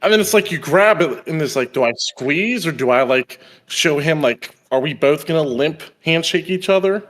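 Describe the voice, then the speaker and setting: A man's voice: a little high, moderate pace. A young man and podcast host telling a story in a casual chat, acting out the people he quotes. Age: young adult. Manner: animated storyteller, acts out quoted voices.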